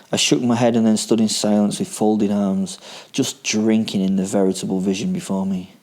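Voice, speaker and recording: A man's voice: on the low side, flat delivery, normal speed, darkish tone. A man narrating a first-person horror story in a dry, darkly comic, matter-of-fact way. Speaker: podcast host and narrator.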